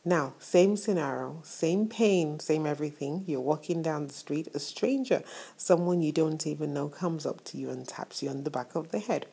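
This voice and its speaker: A woman with a low, deeply husky voice and a gravelly edge delivers an inspirational faith-based talk. She speaks straight to her listeners with affection and leans on repetition like a preacher. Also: moderate pace. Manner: warm, affectionate addresses to listeners; upbeat, preacher-like emphasis with repetition. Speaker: host of a motivational show.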